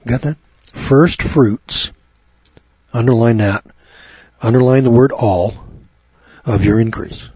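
Man, folksy Bible teacher, husky voice, dull dry lo-fi recording. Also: medium pitch, slow, long pauses, darkish tone, no echo. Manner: folksy, chatty, addresses listeners by name. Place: home studio on a rural property.

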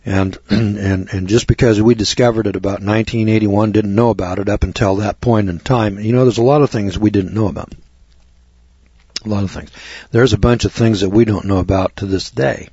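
A man preaching a sermon in an indignant, mocking way, repeating words and clearing his throat. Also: on the low side, fairly even intonation, fairly quick, darkish tone, no room sound, lo-fi sound. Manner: indignant, mocking, rises to exclamations.

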